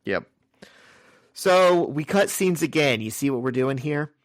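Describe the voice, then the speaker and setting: A man's voice: fairly high pitch, lively intonation, a little slow, no echo. Dry-voiced man recapping comics casually. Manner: crude, joking, recounts scenes in order. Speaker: podcast co-host.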